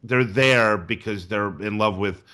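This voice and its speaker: A man's voice: fairly low pitch, a little slow, bright, forceful tone. A man hosting a movie podcast, casually asking the others questions and steering the discussion. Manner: steers the talk, asks questions. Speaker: podcast host. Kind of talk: casual movie review chat.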